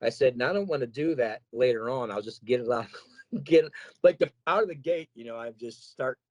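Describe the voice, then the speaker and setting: Rambling, animated middle-aged-sounding metal singer. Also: male voice, mid-range voice, brisk, dry recording, rough recording. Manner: rambling, animated storytelling with quoted asides. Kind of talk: casual interview chat.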